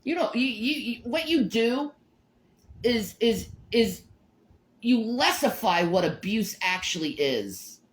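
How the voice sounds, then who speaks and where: Her voice fairly high, expressive, and slow, a middle-aged woman delivers a livestream rant. She swears, gets confrontational, repeats words often, and keeps restarting sentences.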